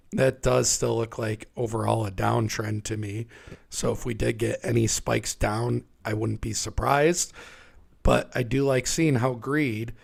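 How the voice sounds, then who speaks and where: A man with a raspy, hoarse voice from being sick, hosting a casual livestream and talking through market charts. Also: medium pitch. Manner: conversational, talks through charts. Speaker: livestream host.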